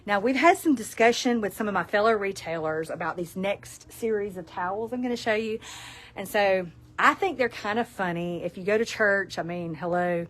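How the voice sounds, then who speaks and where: This is a middle-aged woman from South Alabama with a Southern accent, hosting a relaxed live sales stream. She chats to her viewers in a folksy way, with frequent laughs and asides. Her voice sits at an ordinary middle pitch. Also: moderate pace. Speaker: store owner presenting products.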